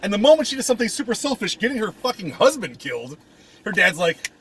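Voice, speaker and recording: A man co-hosting a podcast, casually retelling movie scenes with quick quoted lines and frequent laughs. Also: high-pitched, very animated, a bit bright, a little hiss or hum. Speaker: podcast co-host. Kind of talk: casual movie review chat.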